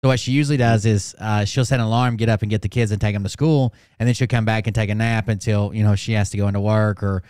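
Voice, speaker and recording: A man's voice: lowish voice, steady tone, quick pace, hardly any pauses, a little mellow, smooth, dry recording, clean studio sound. A man hosting a live stream, chatting casually and rambling with lots of fillers. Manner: rambling, filler-heavy, offhand.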